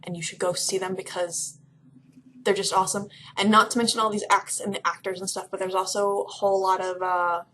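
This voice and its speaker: A young woman from Kentucky chatting casually to camera in a vlog, excitable and rambling. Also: medium pitch, fairly quick, slight background noise. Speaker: vlogger. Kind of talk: casual chat.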